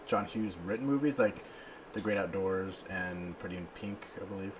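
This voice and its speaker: Low-voiced man on a noisy recording. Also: moderate pace. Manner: relaxed, rambling, with fillers. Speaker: podcast co-host. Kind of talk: casual chat.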